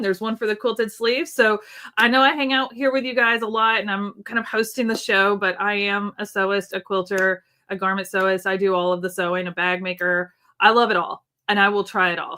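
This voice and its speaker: Bright, chatty woman hosting a live stream. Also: mid-range voice. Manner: chatty, friendly, with frequent ums, reading chat comments aloud. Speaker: host of a live online sewing event. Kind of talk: live-stream product demo. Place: indoors at a sewing desk in Nashville, under an air-conditioning vent.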